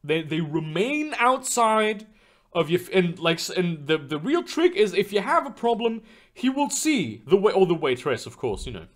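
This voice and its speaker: A young man answers his chat in a loose, rambling stream session, his slightly high voice swinging up and down a lot. He swears freely and stumbles through fillers and restarts as he talks. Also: big pitch swings, normal speed. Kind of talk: casual live-stream chat. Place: home room.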